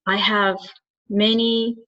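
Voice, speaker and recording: Taking it slowly, a spiritual channeler and soul coach speaks in a bright, forceful medium-pitched voice with little pitch movement. She reflects earnestly to the camera on her own, thinking aloud, in a dull lo-fi recording.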